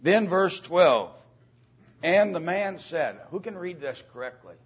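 A man teaching an informal Bible lesson to a class, speaking haltingly with many fillers, restarts and throat-clearing, and often asking the class questions. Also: high-pitched, expressive. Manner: asks the class questions and calls on students. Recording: dull lo-fi recording.

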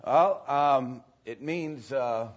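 Male preacher, slow and halting teaching delivery, dull lo-fi recording. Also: medium pitch. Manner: slow, halting, many fillers. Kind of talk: sermon teaching. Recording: dull lo-fi sound.

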